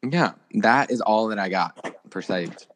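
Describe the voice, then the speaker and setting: A man's voice: lowish voice, lively intonation, unhurried, fairly bright tone, slight background noise. A young man co-hosting a podcast, chatting casually about celebrity gossip with lots of filler words. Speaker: podcast co-host.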